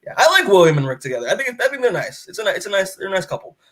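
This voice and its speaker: A man's voice: sits high, very animated, very fast, fairly bright tone. A man co-hosting a podcast, casually recapping a comic book in a rambling way full of fillers, often acting out the characters' lines. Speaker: podcast co-host.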